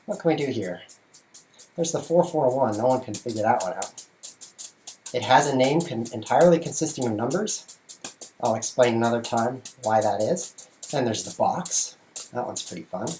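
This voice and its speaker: A man's voice: mid-range voice, a little mellow. Playful man streaming from his bedroom. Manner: playful and jokey, narrating while he juggles. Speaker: chess streamer and show host. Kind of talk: casual livestream chat. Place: bedroom at home.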